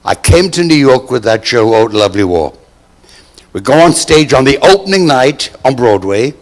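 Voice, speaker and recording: A man's voice: mid-range voice, very animated, normal speed, in a large hall. Older man telling stage anecdotes. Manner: theatrical, acts out quoted voices. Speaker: storyteller on stage. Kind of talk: anecdote told to a live audience.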